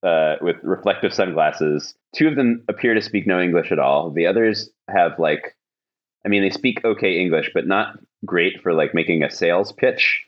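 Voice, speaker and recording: Man, very deep voice, podcast host, rambling anecdote, lots of fillers, dull lo-fi sound. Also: moderate pace. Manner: rambling anecdotal telling with many fillers and restarts. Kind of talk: casual storytelling chat.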